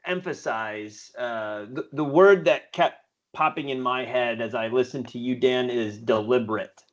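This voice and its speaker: A man hosting an online session, speaking deliberately with pauses and fillers. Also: mid-range voice. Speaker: session host. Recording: slightly dull sound.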